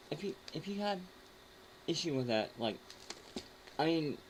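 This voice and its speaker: A man's voice: on the high side, lively intonation, a little slow, long pauses, noisy background. A man hosting a casual online show, reacting to videos with a crude, mocking, rambling manner. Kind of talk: casual rant commentary.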